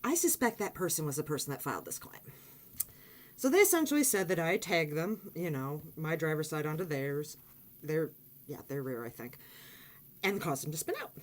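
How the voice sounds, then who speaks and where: Animated woman telling a story. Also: normal speed. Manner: animated, swearing, acts out quotes in high excited voice. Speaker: vlogger. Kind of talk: casual storytelling vlog.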